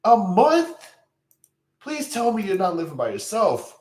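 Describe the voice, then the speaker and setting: A man's voice: high-pitched, sing-song, brisk, darkish tone, echoey room. A young man hosting a livestream, chatting casually, incredulous and exclamatory, often repeating himself. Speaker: livestream host.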